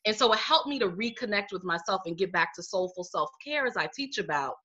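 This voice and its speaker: Animated storytelling woman, bright muffled voice. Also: medium pitch, a little fast, husky. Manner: animated storyteller acting out her own quotes. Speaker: guest, life coach and healer. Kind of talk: casual interview storytelling. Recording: muffled lo-fi audio.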